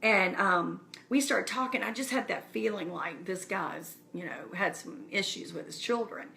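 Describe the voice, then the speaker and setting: A woman's voice: medium pitch, normal speed, vocal fry, bright, forceful tone. A woman speaking casually and earnestly to her viewers, encouraging them directly. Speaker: speaker addressing her community. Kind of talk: casual live-stream address.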